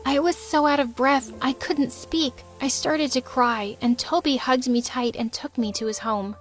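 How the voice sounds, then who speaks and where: High-voiced dramatic storytime woman. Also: fairly even intonation, unhurried, soft background music. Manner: dramatic and emotional. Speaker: storytime narrator. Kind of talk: first-person storytime narration.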